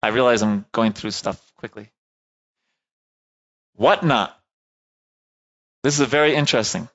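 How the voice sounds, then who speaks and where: A man lectures a class in a relaxed, conversational way, with a middling voice. He talks loosely, stops to rephrase, and keeps checking that the room follows him. The recording is dull and lo-fi. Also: medium pitch, measured pace. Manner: conversational, many fillers and "right?" checks.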